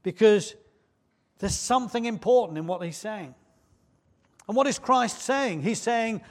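A man's voice: sits high, expressive, unhurried, pauses often. A man preaching a sermon in church, conversational and often putting questions to the congregation.

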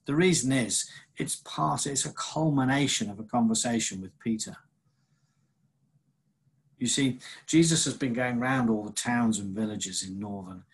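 A man's voice: medium pitch, slightly rough. A man preaching a sermon, leading a prayer and then teaching earnestly through a Bible passage.

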